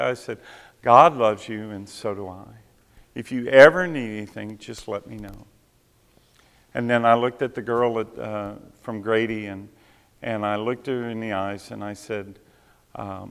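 A man's voice: mid-range voice, a bit bright, clear, resonant tone. A man preaching a sermon, telling a personal story and acting out the voices of people he quotes. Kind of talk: sermon testimony. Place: church sanctuary. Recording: long reverb of a hall.

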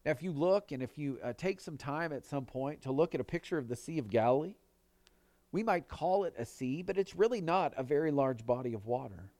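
A male pastor preaching a sermon in an earnest manner, pushing his voice up for emphasis and dropping it low on quoted words. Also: expressive, a little fast, darkish tone, no room sound.

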